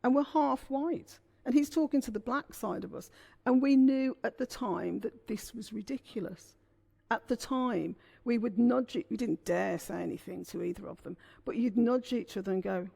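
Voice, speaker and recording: Author guest, middle-aged woman from England, raspy and gravelly, candid anecdotal delivery. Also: a little high, normal speed. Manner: candid storyteller, animated. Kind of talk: conversational interview.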